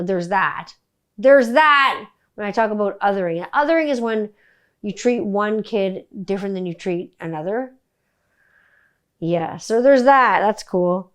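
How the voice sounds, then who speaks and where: A woman's voice: medium pitch, smooth. A middle-aged woman from Canada hosting a casual solo podcast, telling stories bluntly with plenty of swearing. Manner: blunt, profane, animated storytelling. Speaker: podcast host.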